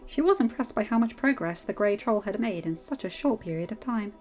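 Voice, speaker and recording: A woman reading fanfiction aloud as a narrator, with expressive storytelling. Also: mid-range voice, fairly quick, muffled recording, soft background music. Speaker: audiobook reader.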